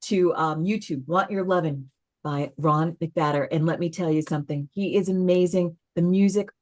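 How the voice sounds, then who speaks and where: Lady from boston co-hosting an interview, gushing, excited. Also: lowish voice, moderate pace. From Boston area. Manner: enthusiastic, effusive. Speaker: interview co-host. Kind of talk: casual interview chat.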